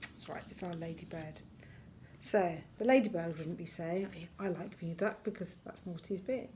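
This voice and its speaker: A primary school teacher records a lesson for young children, speaking gently and encouragingly and slowing down to spell out each word as she writes it. Her pitch is fairly low, and there's a slight background noise.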